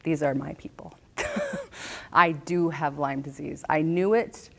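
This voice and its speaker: A woman's voice: low-pitched, huge pitch swings, slow pace, creaky, fairly bright tone, husky. A woman in her thirties telling her own story to an audience, earnest and repeating key phrases for emphasis. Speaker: author and speaker.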